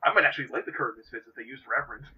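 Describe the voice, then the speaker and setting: Husky young man riffing on a lo-fi podcast. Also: mid-range voice, very fast. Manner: jokey, rambling, puts on silly voices. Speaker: podcast co-host. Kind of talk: casual banter. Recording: dull lo-fi home mic.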